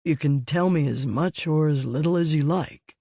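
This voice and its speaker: Man doing a calm, kindly American man. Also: fairly high pitch, moderate pace, dry recording, clean studio sound. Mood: gentle. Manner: patient, gentle.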